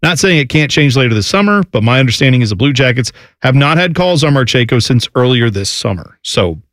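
A man co-hosting a casual sports talk show, talking in a lively, mocking way and slipping into quick impressions of other people. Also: mid-range voice, no echo.

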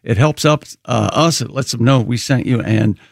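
A man's voice: medium pitch, moderate pace, vocal fry, dry recording, clean studio sound. A radio co-host man giving a playful live-read ad for a home security product.

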